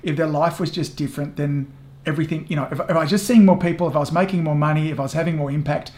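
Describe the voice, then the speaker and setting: A man hosting a podcast interview over a video call from home, chatting warmly and effusively, with self-deprecating humour. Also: on the high side, racing. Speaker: podcast host. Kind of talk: casual interview chat. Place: home in the evening.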